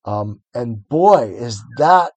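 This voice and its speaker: A man's voice: medium pitch, animated, slow pace, a little mellow, husky, dry recording. A middle-aged man who reads aloud and talks the ideas over in a reflective, hesitant way with restarts. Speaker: co-host. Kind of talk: book reading and discussion.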